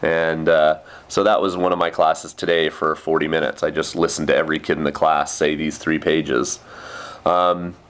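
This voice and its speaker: A man's voice: very deep voice, flat delivery, normal speed, fairly bright tone. A young man teaching English in Japan, talking casually and ramblingly in a vlog, with lots of fillers. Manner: chatty, with many fillers and quoted kid voices.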